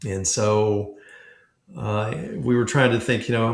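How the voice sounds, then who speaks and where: A man with a low, gravelly voice tells a story casually as a podcast guest, slipping into the voices of the people he quotes. He is recorded in a room with a noticeable echo. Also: slow pace, slight background noise. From Memphis, United States. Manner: animated storyteller acting out quoted dialogue. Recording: echoey room.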